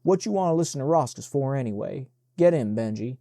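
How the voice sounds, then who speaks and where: Firm old housekeeper lady, bossy but soothing, low mellow tone, man reading her. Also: expressive, a little fast, gravelly, no room sound, clean studio sound. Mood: firm, hushing. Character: firm elderly woman housekeeper, hushing children.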